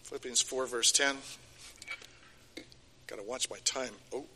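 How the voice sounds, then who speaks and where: A man's voice: mid-range voice, fairly even intonation, a little slow, pushed and bright, a little hiss or hum. An older man giving a sermon, emphatic and repeating key phrases, his voice rising and falling. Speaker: preacher. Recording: long hall reverb.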